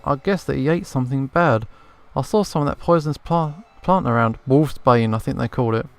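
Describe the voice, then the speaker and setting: A man's voice: medium pitch, a little fast, close to an everyday voice. Guy reading a braggy hunter spinning a yarn, faint music under it. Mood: boastful. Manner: storytelling, self-assured. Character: boastful grizzled male hunter.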